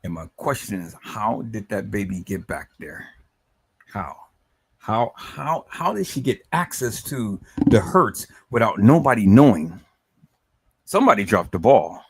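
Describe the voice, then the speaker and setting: A man hosting a livestream, talking emotionally and stammering, with words repeated, agitated outbursts and soft trailing off. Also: lowish voice, big pitch swings, a little slow, gravelly, husky, no echo. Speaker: livestream host.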